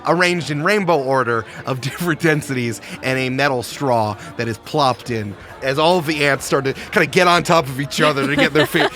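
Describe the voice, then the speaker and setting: A man's voice: on the high side, pushed and bright. A man narrating a tabletop role-playing game as game master, playful and laughing often.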